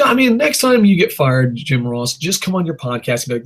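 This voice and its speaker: A man's voice: medium pitch, sing-song, fairly quick, a bit bright. A man hosting a casual podcast, ranting in a rambling, profane way and laughing at his own jokes. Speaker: podcast host. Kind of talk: casual wrestling podcast rant.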